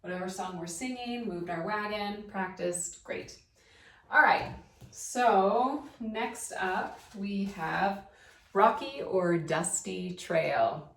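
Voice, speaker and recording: A woman's voice: mid-range voice, expressive, slow pace, vocal fry, fairly bright tone. A woman giving a casual, upbeat how-to lesson on children's singing activities, chatty and prone to friendly asides. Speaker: primary singing time teacher. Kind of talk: casual instructional talk. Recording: roomy, from a distance.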